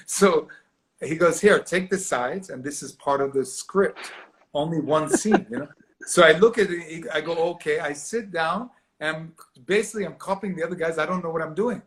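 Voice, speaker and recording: Man, fairly high voice, lively storyteller, acts out voices, video call. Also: moderate pace. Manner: animated, acts out quoted voices, laughs often. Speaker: actor guest. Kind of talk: storytelling interview.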